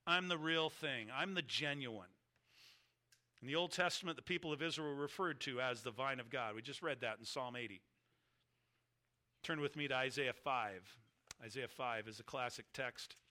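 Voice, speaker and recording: Bright-voiced male preacher, emphatic. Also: a little high. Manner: emphatic, deliberate preaching with slowed stressed phrases. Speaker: pastor. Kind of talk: sermon.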